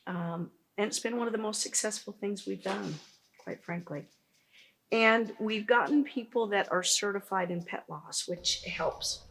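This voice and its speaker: A woman's voice: mid-range voice, a little slow, gravelly, a bit bright, a little hiss or hum. A woman, founder of a pet business, telling stories earnestly in a conversational interview, with frequent restarts.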